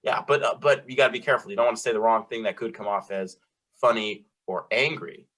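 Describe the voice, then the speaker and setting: A man's voice: on the low side, quick pace, a bit bright. A man co-hosting a casual advice chat, speaking earnestly and laying out his points. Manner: earnest, explanatory, chimes in to finish points. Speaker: podcast co-host.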